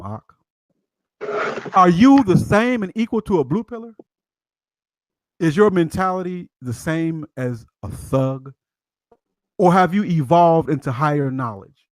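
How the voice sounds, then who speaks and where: A man's voice: a little high, no echo. Preachy man hosting a live stream. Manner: emphatic, preaching, rhetorical questions. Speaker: livestream host. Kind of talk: preachy livestream talk.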